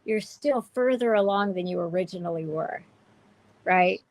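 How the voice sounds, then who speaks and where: A woman's voice: lowish voice, normal speed, a little mellow, dry recording, rough recording. A woman hosting a candid livestream chat, speaking in a heartfelt, emotional way with many restarts. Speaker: show host.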